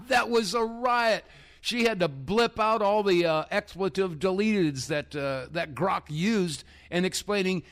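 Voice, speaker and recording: A man hosting a talk radio show, his voice sitting a little higher than most. He rambles through his monologue with plenty of fillers and the odd chuckle. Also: slow, a bit bright.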